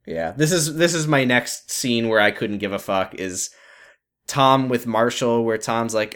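A man's voice: medium pitch, moderate pace, a bit bright. A man co-hosting a casual podcast, recapping a TV episode with sarcasm and exasperation. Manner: sarcastic, exasperated, swears freely. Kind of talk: casual chat.

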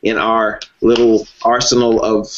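A man who is a guest in an interview, talking in a measured way with frequent "you know" fillers. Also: lowish voice, level tone, slight background noise. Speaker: guest, former reality race contestant. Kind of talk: conversational interview. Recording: dull lo-fi recording.

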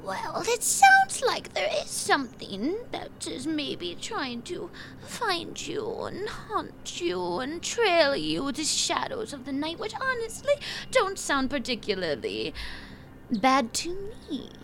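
A sly old hag of the swamp, her cackling voice leaping from hushed whispers to shrill, piercing highs. She drawls slowly and wheedles, every word bright and edged. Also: huge pitch swings, heavily acted. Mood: scheming. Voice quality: distorted, cackling voice. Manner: swoops between whispers and shrill high notes.

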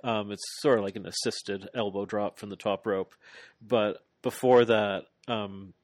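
A man co-hosting a casual podcast, recapping a wrestling match in a rambling, animated play-by-play full of fillers. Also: on the low side, measured pace, dry recording. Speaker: podcast co-host.

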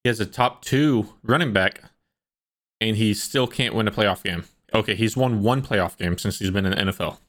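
A man's voice: fairly low pitch, moderate pace, fairly bright tone. A man co-hosting a sports podcast, giving blunt, opinionated takes. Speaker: podcast co-host. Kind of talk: casual sports chat.

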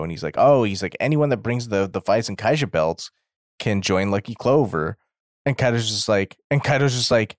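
Animated low-voiced man retelling scenes. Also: normal speed, dry recording, studio quality. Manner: animated retelling, acting out characters' lines, swearing. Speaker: podcast co-host. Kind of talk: casual chat recapping episodes.

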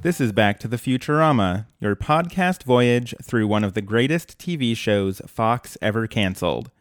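A man's voice: medium pitch, moderate pace, dry recording, soft background music. Male podcast co-host, dry teasing delivery, close dry sound. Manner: dry, teasing, deadpan jokes. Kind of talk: casual podcast chat.

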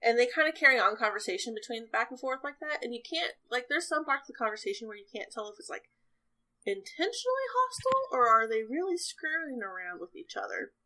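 A woman's voice: fairly high pitch, big pitch swings, fast, pushed and bright, low-quality recording. A woman narrating a tabletop role-playing game as game master, chatty and rambling, often laughing.

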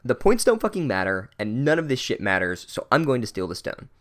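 A man's voice: mid-range voice, very animated, a little fast, fairly bright tone. A man voicing a bold teenage boy wizard who talks bluntly and cockily. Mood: defiant. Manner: blunt, cocky.

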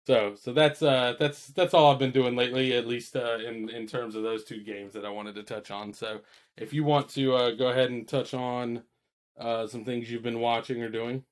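A man's voice: medium pitch, steady tone, moderate pace. A man co-hosting a podcast in casual chat, laid-back and swearing as he tells gaming stories. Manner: laid-back, profane, laughs through stories. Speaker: podcast co-host.

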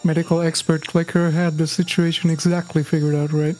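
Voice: mid-range voice, flat delivery, a little fast, darkish tone, soft background music, rough recording. A player describing what a character does at a tabletop game, in a wry, descriptive way.

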